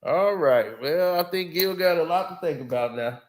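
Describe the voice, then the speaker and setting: Brief: lively male guest, upper-pitched voice, slangy, laughs through his stories. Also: moderate pace, crowd noise. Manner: animated, laughs often, slangy storytelling. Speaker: guest, former basketball player. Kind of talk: casual podcast chat.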